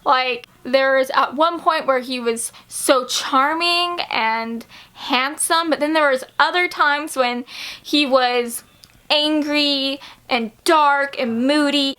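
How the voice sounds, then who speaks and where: A woman's voice: high voice, takes it slowly, sharp tone. A woman book vlogger chatting casually to camera, gushing and giggly, with many fillers and restarts.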